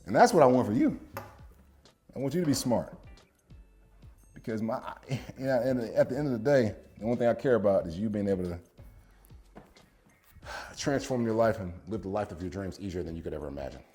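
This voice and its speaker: A man's voice: fairly low pitch, lively intonation, brisk, pauses often, dark tone, soft background music. A man, a former football player turned business coach, telling a story to camera and quoting a friend aloud with frequent laughs.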